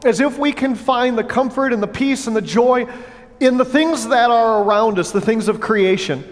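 A pastor preaching a sermon in a church, earnest but breaking into playful asides to the congregation on a wireless mic. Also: male voice, extremely high pitch, normal speed. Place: church sanctuary. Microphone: wireless headset or lapel mic with battery pack. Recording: long church hall reverb.

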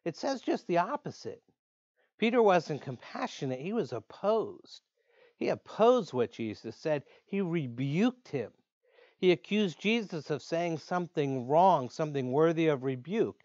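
A man preaching a sermon in an earnest way, slowing down to stress key words. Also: a little high, very animated, a little mellow, dry recording. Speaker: pastor. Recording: dull lo-fi dry sound.

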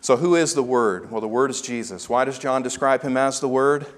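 A man preaching a sermon as pastor, emphatic and slowing down to stress key phrases. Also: medium pitch, long reverb tail.

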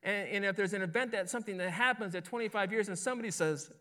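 This pastor's sermon comes in a high, bright, forceful voice at a quick pace. He keeps it conversational, checking in with the audience by asking "right?" again and again and repeating words as he speaks.

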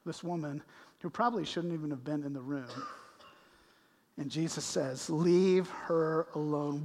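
A man preaching a sermon as pastor, swinging between hushed, slow passages and loud bursts, recorded in a church sanctuary. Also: on the high side. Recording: echoey hall with long reverb.

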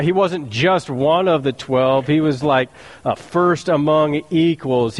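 Casual, joking man preaching a sermon. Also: on the high side. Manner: casual, joking storyteller with slang. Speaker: pastor.

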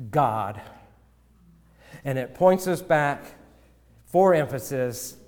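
A man preaching a sermon as pastor, slow and measured, sometimes repeating words. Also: fairly high pitch. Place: church sanctuary. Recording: long church reverb.

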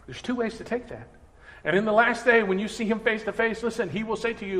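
Pastor guy preaching, kinda high voice, big echoey church sound. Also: quick pace, a bit bright. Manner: earnest preaching, acts out everyday voices. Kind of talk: sermon. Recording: reverberant hall.

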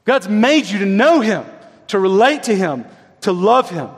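A man preaching a sermon in a conversational way, often checking in with his listeners through quick tag questions. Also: high voice, big pitch swings, slightly rough. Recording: long reverb of a large hall.

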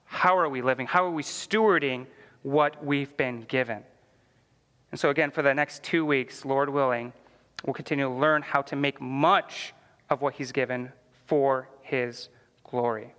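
A man's voice: medium pitch, fairly even intonation, a little slow, fairly bright tone, big-room sound. A man teaching a church Bible class in a conversational way, full of "like" fillers and questions to the class.

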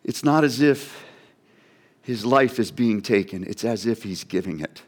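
A man's voice: on the low side, expressive, a little slow, a little mellow, slightly rough. A man preaching a sermon, dramatically voicing an onlooker's wondering questions. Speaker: pastor.

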